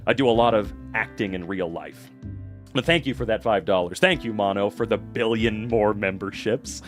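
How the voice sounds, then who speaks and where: A young adult man chatting on a livestream, reacting to chat, excitable, swearing and laughing often. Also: fairly low pitch, moderate pace, soft background music.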